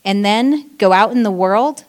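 Female church speaker, short sermon, story-driven and animated in quoted lines. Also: medium pitch, measured pace. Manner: storytelling, acting out quoted outbursts. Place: church stage.

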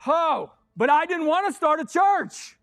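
Fired-up preaching pastor, high voice. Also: male voice, a little slow, dry recording, faint music behind. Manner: fiery, excitable preaching with sudden yells. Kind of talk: sermon. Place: church sanctuary.

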